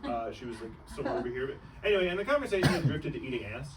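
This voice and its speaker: Young man, stand-up comedy set, lively swooping delivery, rambling, self-interrupting, noisy room. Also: mid-range voice, racing, far from the mic. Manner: rambling, self-interrupting, laughs at own jokes. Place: comedy club stage before a laughing audience.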